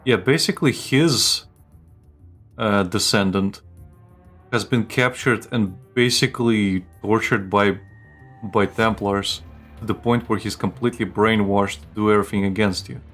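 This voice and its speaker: A man's voice: on the low side, unhurried, a bit bright, faint music behind. A man co-hosting a live stream, chatting casually and jokily with restarts. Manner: rambling, jokey, with restarts. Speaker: streamer co-host.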